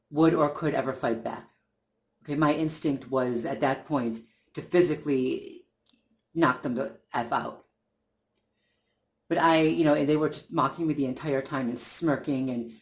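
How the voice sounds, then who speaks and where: This channel host, a man with a medium-pitched voice, delivers a casual monologue in an earnest, indignant way. He often restarts his sentences while working through his point.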